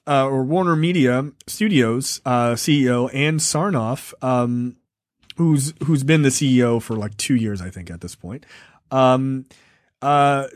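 A man's voice: medium pitch, no echo, studio quality. A man co-hosting a podcast in casual chat, rambling and emphatic, often laughing. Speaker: podcast co-host.

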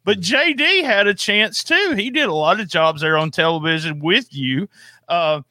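Man, interview host, high voice, very animated pitch, joking, eager questions. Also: moderate pace, dry recording, clean studio sound. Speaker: podcast host. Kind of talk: casual interview.

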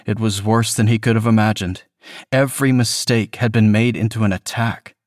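A man reading a horror story as scripted narration, measured and even. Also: on the low side, no echo, studio quality. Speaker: reader.

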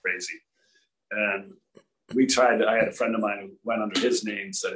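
A man from Rhode Island, a former tour golfer, telling relaxed anecdotes in a casual chat with frequent restarts. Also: fairly low pitch, a little fast, background noise.

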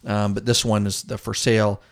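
A man's voice: on the low side, level tone, moderate pace. A man hosting a podcast, chatting casually and jokingly, calling his co-host dude. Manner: laid-back, jokey, says dude a lot. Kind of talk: casual chat.

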